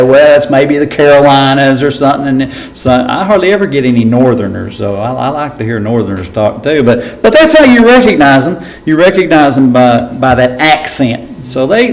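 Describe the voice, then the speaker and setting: A man's voice: mid-range voice, a little hiss or hum, rough recording. A man, a pastor teaching a Bible study in a conversational way, often asking his listeners "right?".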